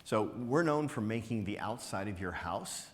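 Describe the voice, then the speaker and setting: Energetic male conference speaker in a reverberant hall. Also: lowish voice, moderate pace. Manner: energetic, teasing, asks rhetorical questions with frequent "right?". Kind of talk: motivational business talk to a live audience.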